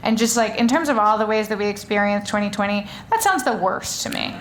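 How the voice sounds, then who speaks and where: A woman's voice: mid-range voice, a little fast, fairly bright tone. Woman, author, rambling chatty talk, live stage, faint background noise. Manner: chatty, rambling with many fillers and restarts. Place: stage before a live audience.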